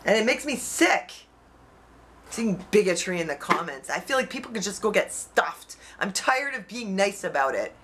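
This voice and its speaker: A YouTuber rants on her vlog in a heated, frustrated, emotional way, outspoken and swearing freely. Her voice is medium-pitched and fairly bright, with big pitch swings and a normal pace, captured on a camera mic with slight background noise.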